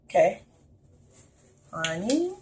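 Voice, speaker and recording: A woman's voice: on the low side, very animated, drawn-out words, darkish tone, a little hiss or hum, poor audio. A woman with a New Orleans accent, talking through a recipe in her home kitchen and chatting directly with her viewers. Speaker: cooking vlogger. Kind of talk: casual cooking video.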